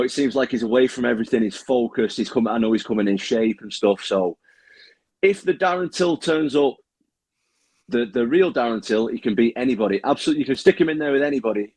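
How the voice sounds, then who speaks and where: Young manchester guy, casual interview, swears a lot, keeps restarting, mid pitch. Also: fast, darkish tone, breathy edge, dry recording. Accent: Manchester English. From Manchester, England. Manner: candid, swears freely, many restarts. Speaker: guest fighter.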